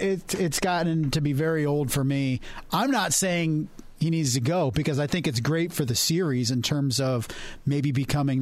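A man's voice: a little high, dry recording. A man co-hosting a podcast in casual chat, blunt and opinionated. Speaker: podcast co-host.

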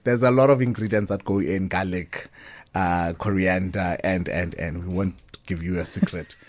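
A man's voice: low-pitched, fairly even intonation, moderate pace. A South African man, a chef, talking easily in a radio studio interview and mixing in Setswana phrases. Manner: easygoing, mixes in Setswana phrases.

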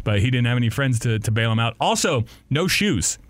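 A man's voice: mid-range voice, fairly quick, no room sound. A young man, a radio host, telling a story on a casual podcast, laughing often and acting out the people in it. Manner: laughing often, animated retelling with voices.

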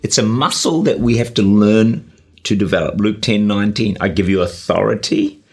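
A man preaches a sermon, urging his listeners on in an earnest, exhorting way. His voice is gravelly and husky, with many small "uh" and "you know" fillers. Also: on the low side, normal speed, a little mellow. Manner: earnest, exhorting, with frequent 'uh' and 'you know'. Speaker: pastor and radio preacher. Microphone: camera-recorded sermon.

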